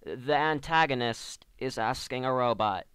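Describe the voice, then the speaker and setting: A man's voice: mid-range voice, unhurried, fairly bright tone, clean tone, dry recording. Sarcastic man ranting a comedy review. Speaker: online cartoon reviewer. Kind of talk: scripted comedic review rant.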